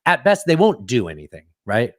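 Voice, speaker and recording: A man's voice: mid-range voice, wildly swooping pitch, brisk, no echo. Man, podcast co-host, sarcastic, casual political chat, dry close sound. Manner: sarcastic, does mocking voices.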